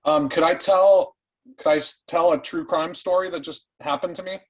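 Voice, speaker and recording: Husky man telling a wild story. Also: a little high, moderate pace, rough recording. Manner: profane, animated, restarts often. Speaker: participant. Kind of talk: casual spoken storytelling.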